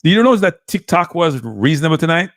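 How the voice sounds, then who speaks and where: A man's voice: fairly high pitch, very animated, fast talker, fairly bright tone, no echo, clean studio sound. A man with a Jamaican accent hosting a live stream, talking casually and switching between standard English and patois. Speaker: live show host.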